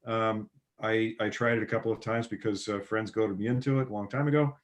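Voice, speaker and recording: A man talking as a guest on a podcast, expressive and acting out what others say. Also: fairly low pitch, brisk. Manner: expressive, acting out quoted speech. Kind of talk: casual conversation.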